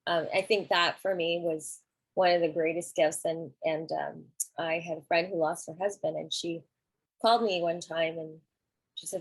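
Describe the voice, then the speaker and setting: A middle-aged woman with a husky, slightly low voice speaks gently and reflectively in a podcast conversation. The recording is dry and close, with no room sound around her. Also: fairly even intonation, moderate pace, no echo, low-quality recording. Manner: gentle, reflective, soft-spoken. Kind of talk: candid conversation about grief.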